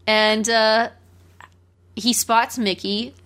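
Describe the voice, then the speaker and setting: A woman's voice: on the high side, fairly even intonation, very slow, a bit bright. A woman casually co-hosting a podcast, animatedly retelling a cartoon plot and laughing easily. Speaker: podcast co-host. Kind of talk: casual film discussion.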